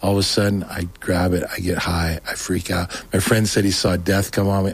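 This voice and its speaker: A man's voice: sits low, fairly quick, hardly any pauses, breathy edge. A man as a show guest, telling a rambling personal story in casual talk, acting out what people said. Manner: rambling, animated, acts out quoted voices.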